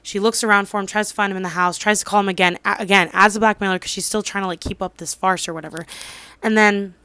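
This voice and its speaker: A woman's voice: medium pitch, fairly even intonation, quick pace, sharp tone, smooth, no room sound. A woman in her twenties casually recapping a drama, rambling with lots of fillers and losing track of details. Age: 20s. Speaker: drama reviewer.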